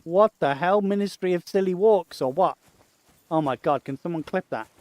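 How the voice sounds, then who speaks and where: A man's voice: high-pitched, moderate pace, darkish tone, dry recording. A man streaming a game, joking and chatting to himself as he plays. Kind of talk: casual gaming commentary.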